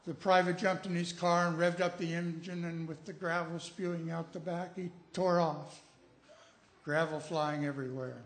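A man's voice: a little high, fairly even intonation, normal speed. A man preaching a sermon, telling a story and building to emphatic, urgent appeals. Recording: echoey room.

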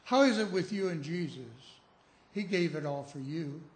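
A man's voice: fairly high pitch, expressive, moderate pace. A man preaching a sermon, telling a story and building to emphatic, urgent appeals. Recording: echoey room.

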